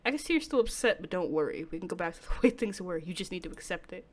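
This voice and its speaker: A woman voicing a soft-spoken, obsessive young man from a game, reading his lines aloud in a low, hushed, coaxing delivery. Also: lively intonation, quick pace, slight background noise, natural voice. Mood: menacing.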